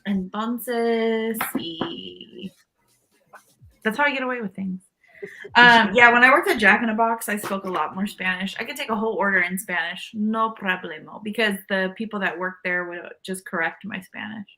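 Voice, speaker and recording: A woman's voice: medium pitch, brisk, pushed and bright. A woman guest on a podcast telling a rambling story with lots of fillers and restarts. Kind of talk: casual chat.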